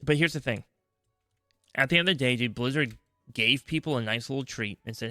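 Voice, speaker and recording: Animated ranting podcast man, bright voice. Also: medium pitch, fairly quick, pauses often, no room sound, studio quality, faint music behind. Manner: animated, acts out other people's voices. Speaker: podcast co-host. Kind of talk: ranting casual chat.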